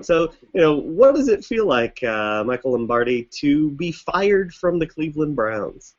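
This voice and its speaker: A man's voice: medium pitch, lively intonation, normal speed, hardly any pauses. A man co-hosting a comedy podcast, rambling and hesitant as he asks a question. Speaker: podcast co-host. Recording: dull lo-fi podcast audio.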